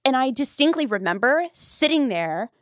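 A young woman hosting a podcast, telling stories in an animated, gushing way during a casual interview. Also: high voice, normal speed, no room sound, clean studio sound. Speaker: podcast host.

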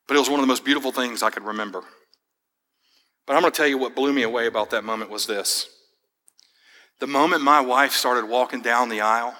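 A man's voice: medium pitch, bright, forceful tone, in a large hall. A young man preaching a sermon, telling a personal story in a casual, friendly way. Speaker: pastor.

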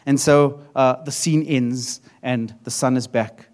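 A middle-aged man preaching a sermon as pastor, animated, often repeating and restarting his phrases. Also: mid-range voice, slow.

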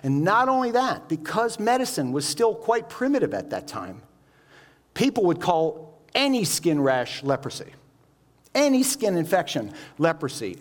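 A man preaching a sermon. He explains each point and keeps asking the listeners rhetorical questions. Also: a little high.

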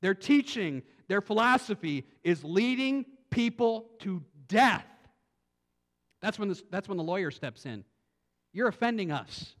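A male pastor preaching a sermon, animated, swinging from quiet thinking-aloud asides to loud emphatic lines. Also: high voice, a little slow. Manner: repeats words and restarts as he thinks aloud.

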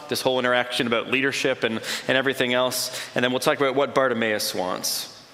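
A pastor preaches a conversational sermon in a pushed, bright, medium-pitched voice, acting out imagined dialogue and building points through repeated short phrases. The long reverb of a large hall surrounds him.

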